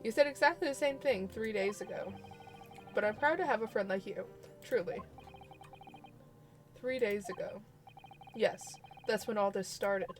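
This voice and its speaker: An earnest, humble young male student, read aloud by a woman streaming a game. He speaks sincerely and a little formally, at a mid pitch. Faint music plays in the background. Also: moderate pace, pauses often, lightly acted. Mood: warm.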